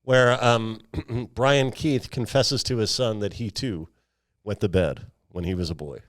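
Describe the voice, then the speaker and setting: A man co-hosting a podcast in casual chat, speaking in a measured, wry way and pausing to search for words. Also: lowish voice. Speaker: podcast co-host.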